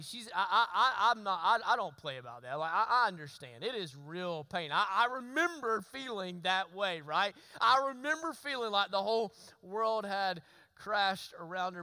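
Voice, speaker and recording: A man, preaching a sermon and telling a story with lively, sometimes shouted asides. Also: sits high, clean tone, no room sound, poor audio. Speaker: pastor.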